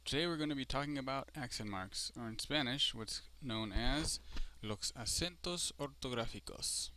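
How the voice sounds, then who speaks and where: Bright, crisp male Spanish teacher. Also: medium pitch, normal speed. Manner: explanatory, with frequent fillers and self-corrections. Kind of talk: screencast lesson.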